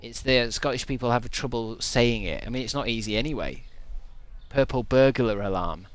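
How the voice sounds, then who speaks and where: A man's voice: mid-range voice, a little fast, fairly bright tone. A young man streaming, chatting casually with his viewers and joking around. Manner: playful, jokey, reads chat aloud.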